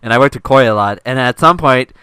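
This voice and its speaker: A young man hosting a casual chat, telling stories in an animated, laughing way. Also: medium pitch, fast, clean tone, dry recording. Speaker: channel host.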